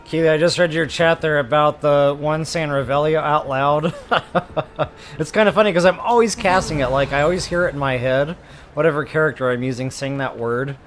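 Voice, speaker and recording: A middle-aged man giving casual gameplay commentary, chatty and quick to laugh, who tells stories to his viewers while he plays. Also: a little high, slight background noise. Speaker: gaming streamer.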